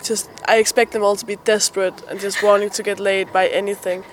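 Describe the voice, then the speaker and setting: A young adult woman, a comedian, co-hosting a podcast in casual chat, telling a story with lively quotes and frequent laughter. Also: medium pitch, quick pace, slight background noise. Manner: animated storyteller, acts out quotes, laughs often. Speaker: podcast co-host.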